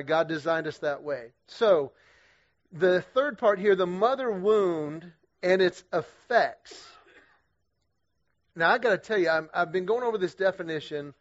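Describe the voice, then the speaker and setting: A middle-aged man speaking to a men's group at church, energetic and humorous, with a conversational style full of quick restarts. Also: on the high side. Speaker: guest speaker leading a men's group series. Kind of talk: storytelling church talk to men. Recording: dull lo-fi sound.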